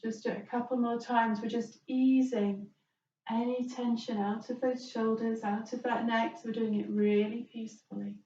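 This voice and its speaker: A woman teaching a chair yoga class, giving gentle, soothing step-by-step breathing and movement cues. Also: fairly high pitch, little pitch movement, moderate pace, a little hiss or hum. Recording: roomy, distant, dull-sounding recording.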